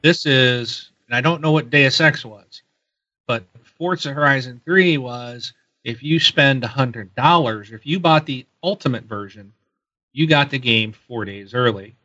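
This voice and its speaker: Bright-voiced man on a dull mic. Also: mid-range voice, a little slow. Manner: chatty, hesitant with ums. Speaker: podcast co-host. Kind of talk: casual chat.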